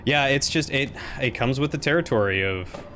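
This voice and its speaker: A man with a deep voice, casually chatting and reflecting while streaming a video game. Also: expressive, moderate pace, bright, forceful tone, slight background noise. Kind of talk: casual chat while playing. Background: game music.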